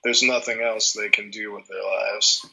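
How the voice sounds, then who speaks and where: A man's voice: fairly low pitch, steady tone, moderate pace, gravelly, bright, forceful tone, breathy edge. A man co-hosting a podcast in casual chat, rambling and hesitant as he searches for words. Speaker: podcast co-host. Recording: dull, muffled lo-fi sound.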